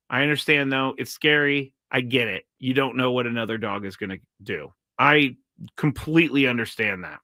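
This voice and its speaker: A man's voice: mid-range voice, sharp tone, no room sound. A man hosting his own live show, telling a rambling story and reading out viewer comments. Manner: rambling, self-correcting storytelling; reads viewer chat comments aloud. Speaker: show host. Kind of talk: casual live-stream monologue.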